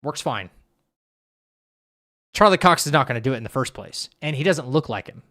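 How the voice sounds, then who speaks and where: A man's voice: medium pitch, expressive, moderate pace, sharp tone. A man streaming and chatting casually, reacting to viewer comments and restarting his sentences often. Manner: rambling, with frequent restarts and stammers. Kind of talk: casual chat reading live chat.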